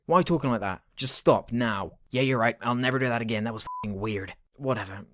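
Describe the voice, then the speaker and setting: A man's voice: medium pitch, brisk, few pauses. A young man hosting a comedy rant show, sarcastic and exasperated, swearing freely.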